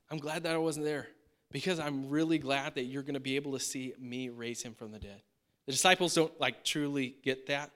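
A man's voice: fairly high pitch, pushed and bright. A young man teaching a Bible passage in a casual, conversational way, acting out the disciples' lines. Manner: conversational, acts out disciples' lines in quick voices.

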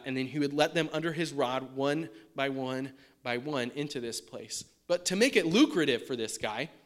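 Man, pastor, sermon, conversational, asks listeners questions, slightly high voice. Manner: puts on a high excited dog-talk voice at times.

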